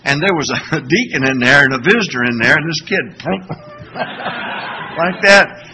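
Animated, bright-voiced preacher man. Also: on the high side, moderate pace, slight background noise, poor audio. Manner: animated storytelling preacher, rhetorical questions to the congregation. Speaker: pastor. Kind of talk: sermon.

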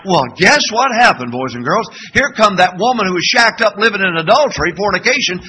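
An older man preaching a sermon as pastor, asking the congregation to call back answers and breaking into shouts. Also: sits high, fairly quick, rough recording. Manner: animated preaching with call-and-response questions; sudden shouting bursts.

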